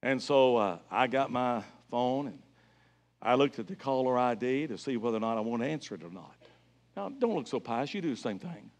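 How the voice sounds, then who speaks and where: A middle-aged man preaching an evangelistic sermon as a guest evangelist in a church, telling stories with emphasis and building to loud exclamations. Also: medium pitch, lively intonation, a little fast. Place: church sanctuary.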